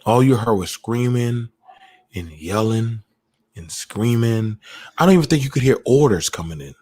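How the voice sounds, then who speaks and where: A man, a military veteran, telling a raw story in the first person, halting and profane with frequent restarts. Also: mid-range voice, animated, warm tone, slightly rough.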